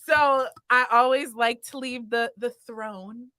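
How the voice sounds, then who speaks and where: An effusive woman hosting a casual live-stream interview, reading viewer comments aloud to her guest. Her voice sits a little high and bright, and she speaks slowly and unhurriedly. The sound is dry and close. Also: steady tone, no echo. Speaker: podcast host.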